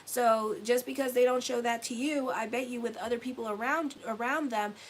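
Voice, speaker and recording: A woman's voice: on the high side, fairly even intonation, normal speed, a little hiss or hum. A woman in her forties giving a casual weekly horoscope reading as an astrologer and tarot reader, blunt, rambling and profane.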